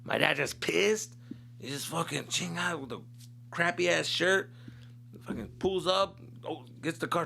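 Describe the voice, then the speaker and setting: A man's voice: fairly high pitch, a little slow, vocal fry, sharp tone. A man from Tucson, Arizona, hosting a podcast and telling a comic story in a casual, swearing, slangy way with Spanish mixed in. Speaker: comedian host.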